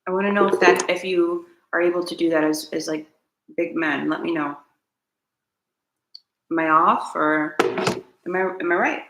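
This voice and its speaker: Female host, earnest and preachy, low gritty voice, roomy echo. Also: steady tone, normal speed, long pauses, heavy background noise. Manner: earnest, preachy, repeats key lines, asks viewers to comment. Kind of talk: spiritual self-help talk to camera.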